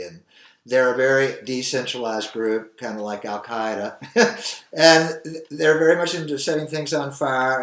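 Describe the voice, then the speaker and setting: A man's voice: medium pitch, fairly bright tone. An older man hosting his own show, talking in a rambling, earnest, opinionated monologue. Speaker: show host. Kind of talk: opinionated solo commentary. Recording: echoey room.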